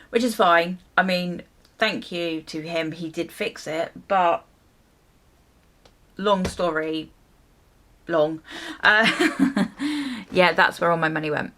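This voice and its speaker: Slow-talking woman telling a story. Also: lowish voice. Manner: animated storytelling with mild swearing and acted-out reactions. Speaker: beauty vlogger. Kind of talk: casual storytime while doing hair.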